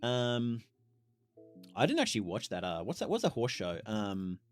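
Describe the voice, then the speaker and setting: A man streaming a video game, chatting casually with his chat, reacting loudly with exclamations and laughs. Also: fairly low pitch, huge pitch swings, normal speed, faint music behind. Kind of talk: casual live game commentary.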